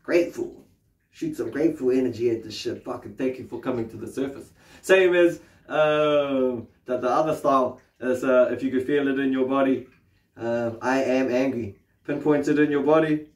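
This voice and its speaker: A man with a New Zealand accent and a medium-pitched voice teaches meditation at a moderate pace. His style is loose and casual; he swears freely and ends sentences with tag questions. The recording sounds roomy, with the mic placed at a distance.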